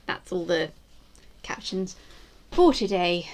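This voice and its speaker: A woman's voice: medium pitch, moderate pace. A woman chatting casually as a YouTuber, rambling through self-deprecating asides. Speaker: YouTuber ranking screen portrayals. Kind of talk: casual chat to camera.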